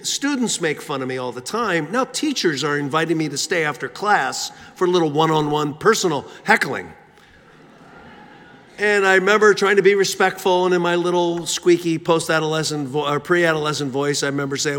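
A man's voice: fairly high pitch, animated, normal speed, a bit bright. A man from Philadelphia telling a humorous, self-mocking story in a sermon, with frequent fillers and restarts. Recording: reverberant church hall.

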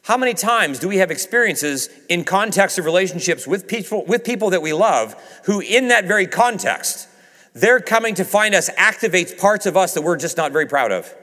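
A man preaching a sermon, swinging from raised emphasis to hushed low passages and acting out quoted dialogue. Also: expressive, fairly quick. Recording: reverberant hall.

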